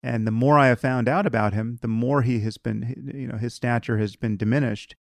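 A man hosts a podcast conversation, building his argument in a measured, deliberate way. His mid-range voice has a gravelly fry. The recording is close and dry. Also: medium pitch, fairly even intonation, no room sound. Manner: measured, argumentative, many "you know" fillers. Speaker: podcast host. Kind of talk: conversational interview.

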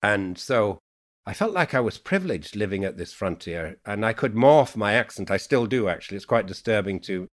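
Low-voiced musing man, Yorkshire-Irish lilt. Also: lively intonation. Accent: mixed Yorkshire, Irish and Americanized English. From Yorkshire, England. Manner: unhurried, musing storyteller with many "you know"s. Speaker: poet guest. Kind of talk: reflective podcast conversation.

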